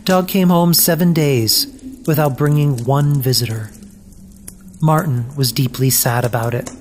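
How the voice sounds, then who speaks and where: Brief: unhurried storybook reader, mid-pitched, gentle and measured, faint hiss behind. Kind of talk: scripted narration of a children's story.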